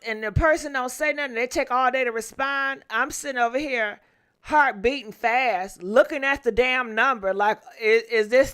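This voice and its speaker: A woman's voice: high voice, sharp tone, smooth. A woman hosting a casual livestream, venting with irritation about troll callers, cursing freely and thanking donors by name. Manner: profane, drawn-out thank-yous. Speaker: YouTube livestream host.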